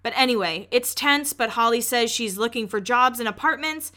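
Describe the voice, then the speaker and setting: Young woman, podcast host, gossipy casual recap, says "like" a lot, swears casually, slightly high voice, bright tone. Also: normal speed. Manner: chatty and gossipy, with frequent "like" and swearing.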